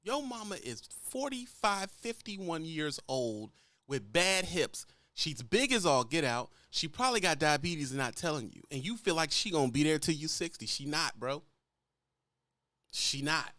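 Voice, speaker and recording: A man's voice: fairly high pitch, big pitch swings, measured pace, pushed and bright, no echo. A man who drives trucks, bluntly lecturing younger drivers in a casual, profane vlog rant. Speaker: truck driver giving advice.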